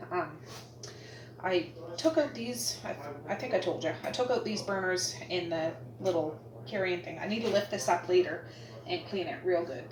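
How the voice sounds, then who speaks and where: A woman's voice: fairly low pitch, a little hiss or hum. A woman chatting casually through a home cooking vlog, laughing often as she works around her house. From Nova Scotia, Canada. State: out of breath. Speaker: vlogger. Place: home kitchen and attic.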